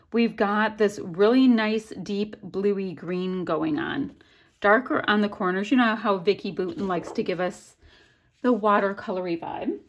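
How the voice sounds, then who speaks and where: A woman hosting a crafting channel, chatting casually and excitedly through an unboxing. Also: mid-range voice. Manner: chatty, bubbly, easily delighted.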